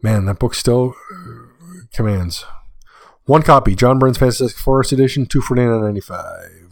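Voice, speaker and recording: A man's voice: medium pitch, animated, normal speed, creaky, no room sound. A man hosting a solo podcast, reading a list of prices in a casual way and adding offhand asides. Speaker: podcast host.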